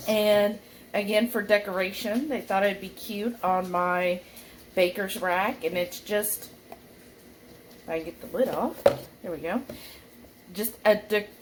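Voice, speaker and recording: Woman, casual vlog chat, unhurried pace, mid pitch, folksy. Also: a little hiss or hum. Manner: chatty, folksy, warmly addresses viewers as y'all. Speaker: keto food vlogger.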